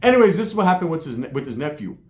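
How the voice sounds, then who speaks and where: A man's voice: a little high, big pitch swings, very fast, roomy sound. A man telling a comic street story in a casual, profane way, tagging his lines with "right?".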